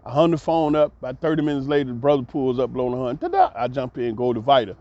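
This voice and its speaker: A man telling a long personal story as a vlogger, animated and acting out the voices of the people in it. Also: medium pitch, fast. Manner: animated, acts out voices, laughs mid-story. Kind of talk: storytelling monologue. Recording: dull lo-fi recording.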